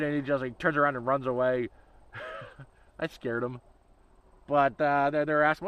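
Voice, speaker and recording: A man's voice: medium pitch, wildly swooping pitch, measured pace, long pauses, fairly bright tone, clean tone, dry recording, muffled recording. A man rambling in a casual livestream chat, swearing freely and laughing often. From Canada. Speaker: channel host.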